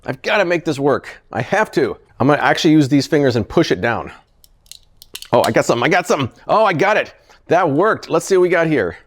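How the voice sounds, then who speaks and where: A man with a fairly high voice talks fast, his pitch swinging widely as he hosts a casual product-testing vlog. He's animated and often sounds exasperated, chuckling whenever a gadget fails.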